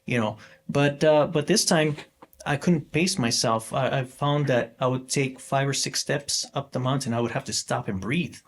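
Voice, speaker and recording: A man in his forties telling a personal story as a podcast guest, halting and rambling with many fillers and restarts. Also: medium pitch. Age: 40s. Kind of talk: casual storytelling interview.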